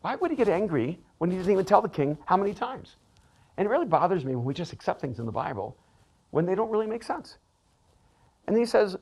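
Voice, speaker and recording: A middle-aged man, a pastor and author, telling a personal story in an animated way, often laughing and repeating words. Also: sits high, fast talker. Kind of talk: storytelling talk.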